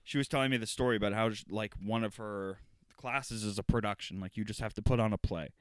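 A young man co-hosting a podcast speaks in a lowish, smooth voice, close to a dry mic. He rambles and swears emphatically in casual chat. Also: steady tone, quick pace, dry recording. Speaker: podcast co-host.

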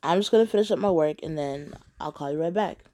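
A woman plays her young boyfriend, a defensive, dismissive guy, in a flat, offhand voice pitched slightly lower than her own. She talks fast and acts it only lightly.

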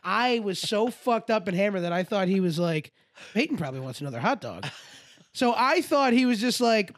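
A man's voice: high voice, animated, normal speed, dry recording, clean studio sound. A young man co-hosting a podcast, telling a rambling, crude anecdote and acting out the quotes. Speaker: podcast co-host. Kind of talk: casual storytelling chat.

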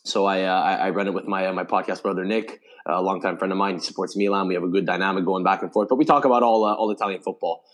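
A man's voice: sits low, fairly even intonation, rapid-fire, hardly any pauses. A man talking as a podcast guest in a casual chat, often repeating words as he starts a sentence.

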